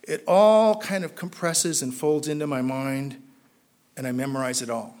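A man, a trial lawyer, telling his recovery story to a live audience in an animated, self-mocking way. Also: moderate pace. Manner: animated, self-mocking storytelling that climbs loud and high when excited. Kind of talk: personal story told to an audience. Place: talk before a live audience.

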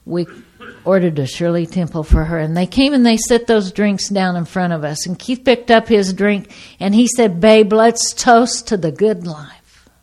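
A middle-aged woman giving a personal testimony to an audience, a lively storyteller who acts out the people in her story. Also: fairly low pitch, normal speed. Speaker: speaker sharing her recovery story.

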